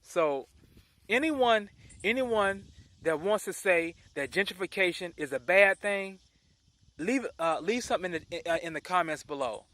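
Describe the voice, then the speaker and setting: Indignant high-voiced man ranting. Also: lively intonation, unhurried, sharp tone, no room sound. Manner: indignant, repeats and restarts phrases. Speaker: vlogger. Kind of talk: opinion rant to camera.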